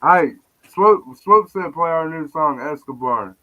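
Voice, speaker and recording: A man's voice: on the high side, animated, a little slow, sharp tone, a little hiss or hum, rough recording. A man talking in casual, profane, joking banter as a guest on a live podcast stream.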